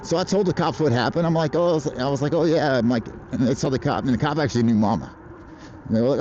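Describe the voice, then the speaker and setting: A man's voice: mid-range voice, fast talker, a little mellow, muffled recording, slight background noise. An American man livestreaming outdoors, chatting casually in a rambling, profane way and laughing often. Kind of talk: casual live-stream chat. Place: outdoors in traffic on a bike.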